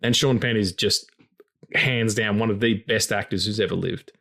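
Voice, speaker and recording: A man's voice: on the low side, fairly even intonation, normal speed, vocal fry, a bit bright. Rambling, swearing male podcast host. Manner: rambling, swears freely, philosophizing. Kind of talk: casual film podcast chat.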